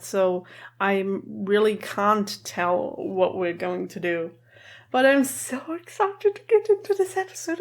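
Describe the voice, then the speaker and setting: Fields: Sex: female. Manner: giggly, emotional. Style: reaction vlog. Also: medium pitch. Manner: chatty, giggly, keeps her voice down. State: emotional, teary. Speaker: reaction video host. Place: indoor room at home.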